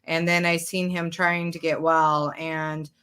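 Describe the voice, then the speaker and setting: Woman, co-host, chatty, heartfelt, low smooth voice. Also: flat delivery, unhurried, a bit bright. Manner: chatty and heartfelt, loose grammar. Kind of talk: casual show chat.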